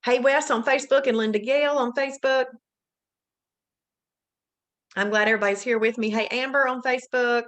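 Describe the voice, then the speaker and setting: Woman host with an Alabama drawl, slightly high voice, chatty and upbeat, greeting people by name on a live webinar. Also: fairly even intonation, fairly quick, pauses often. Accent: Southern US, Alabama. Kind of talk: casual live webinar chat.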